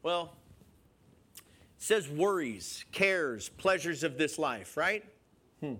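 A man preaching a sermon in an animated way, questioning his listeners and chuckling as he goes. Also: a little high, slow, breathy edge. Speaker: pastor.

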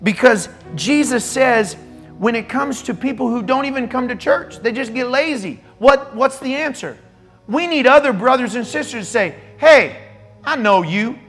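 A middle-aged male pastor preaching a sermon in a church, animated and teasing, playfully scolding his listeners. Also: very high-pitched, moderate pace, faint music behind.

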